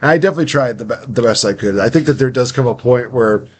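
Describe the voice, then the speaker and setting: A man's voice: mid-range voice, fast. Chatty young man hosting, faint hiss. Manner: chatty, rambling, acts out quotes. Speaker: podcast host. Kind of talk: casual interview chat.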